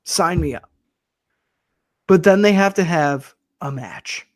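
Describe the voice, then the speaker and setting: A man's voice: a little high, takes it slowly, no echo, clean studio sound. A man co-hosting a casual podcast, wry and profane, talking in long rambling metaphors. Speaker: podcast co-host. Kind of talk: casual wrestling review chat.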